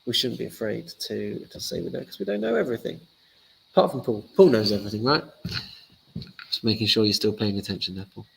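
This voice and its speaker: A man's voice: lowish voice, big pitch swings, fast talker, vocal fry, slight background noise, rough recording. A man, a rabbi giving a casual lesson, telling stories in a chatty, joking way. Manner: chatty, joking, loose storytelling. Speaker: rabbi teaching a class.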